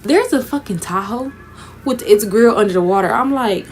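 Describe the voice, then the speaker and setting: Speaking at a moderate pace in a higher register, this young woman from Houston vlogs a relaxed, profanity-filled story as she takes down braids, acting out each person. Some light hiss or hum is audible.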